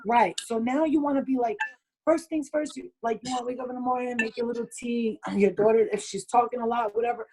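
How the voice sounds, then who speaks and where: A woman's voice: a little high, steady tone, fast, mellow, slight background noise, poor audio. A woman hosting a group video call, giving blunt advice in casual chat, swearing freely and laughing often.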